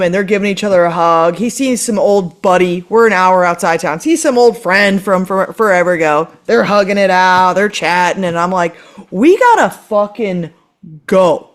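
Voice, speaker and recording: A woman on a podcast telling a story in casual chat, animated and exasperated, swearing often. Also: mid-range voice, fairly quick. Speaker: podcast co-host.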